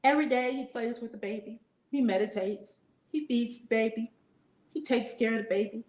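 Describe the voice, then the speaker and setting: A woman spiritual teacher telling a story in an animated, conversational way. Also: fairly high pitch, moderate pace, reverberant. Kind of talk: storytelling lesson.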